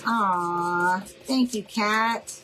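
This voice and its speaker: Slow, chatty craft host woman. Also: mid-range voice, bright, forceful tone, faint music behind, poor audio. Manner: chatty, addresses viewers as y'all, checks in with okay?. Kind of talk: live crafting demonstration.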